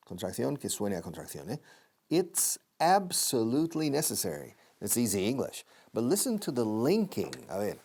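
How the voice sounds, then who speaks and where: A man's voice: medium pitch, very animated, a little fast, vocal fry, mellow, husky. A man hosting a TV English lesson, repeating phrases over and over and switching to Spanish to explain. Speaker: English teacher and host. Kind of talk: TV language lesson.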